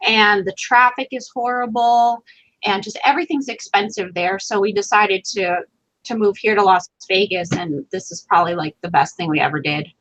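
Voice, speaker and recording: A woman's voice: mid-range voice, fairly even intonation, moderate pace, fairly bright tone, rough recording. A woman chatting casually on a video call, often repeating her phrases. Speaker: video hangout participant.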